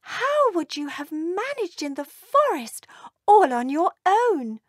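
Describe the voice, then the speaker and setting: A woman voicing a kind, protective mother dragon in a storybook reading, with slow, motherly coaxing. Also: very high voice, big pitch swings, no room sound, clean studio sound, voice pushed up, full character voice. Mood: fussing.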